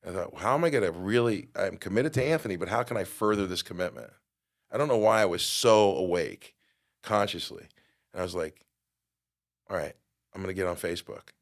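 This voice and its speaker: A middle-aged man with a somewhat low voice tells a personal story on a podcast. He acts out other people's lines and swings from quiet asides to loud outbursts. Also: brisk. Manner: animated storyteller, acts out quotes with big jumps in loudness. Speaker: guest.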